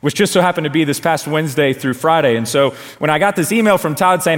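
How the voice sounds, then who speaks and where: Energetic male preacher, 30s, storytelling sermon, live church hall reverb. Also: fairly high pitch. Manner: excited, storytelling, quick asides. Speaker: children's ministry leader. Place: large church stage.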